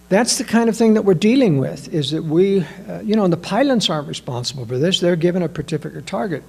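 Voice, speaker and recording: Guy with a pretty high voice doing a year-end political analysis, keeps asking the audience pointed questions. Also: animated, quick pace, gravelly, hardly any pauses, husky. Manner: emphatic, fires off rhetorical questions; addresses listeners as ladies and gentlemen. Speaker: political commentator.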